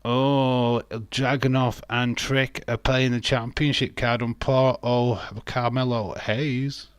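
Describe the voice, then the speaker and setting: A man's voice: medium pitch, flat delivery, slow pace, clean tone, no echo. A man with an English accent, chatting casually as host of a live wrestling watch-along, joking and answering viewer messages. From England. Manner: chatty, jokey, reads viewer chat aloud.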